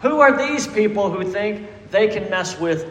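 Male pastor, high voice, emphatic sermon with questions, reverberant church hall. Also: expressive, unhurried. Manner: preachy and emphatic, asks the congregation questions. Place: church sanctuary.

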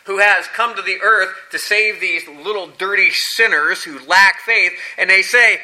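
A man preaching a sermon, telling scripture stories dramatically and acting out the quoted lines with big swings in pitch and loudness. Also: moderate pace, few pauses, rough recording.

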